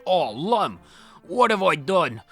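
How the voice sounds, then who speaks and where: A man doing a rough axe teacher. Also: sits high, very animated, slow pace, a bit bright, faint music behind, pitched above the performer's own voice, heavily acted. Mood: folksy. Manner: folksy, dropped grammar, rambling.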